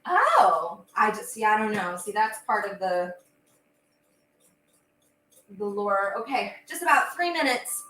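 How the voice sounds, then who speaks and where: A woman's voice: mid-range voice, big pitch swings, slow pace, long pauses, sharp tone. A young woman hosting a casual livestream while she bakes, chatty and bubbly with frequent fillers. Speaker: host and singer. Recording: echoey room with faint ambience.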